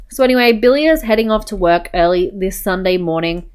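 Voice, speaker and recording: A woman's voice: mid-range voice, animated, brisk, few pauses, smooth. A young woman casually commenting while playing a life-sim game, chatty and playful. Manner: chatty, says "go ahead" often. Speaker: let's-play host.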